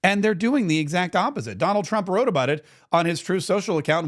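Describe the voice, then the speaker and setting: A man's voice: sits high, expressive, fast, hardly any pauses. A man hosting a political commentary show, telling the story with indignant sarcasm. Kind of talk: opinion commentary monologue.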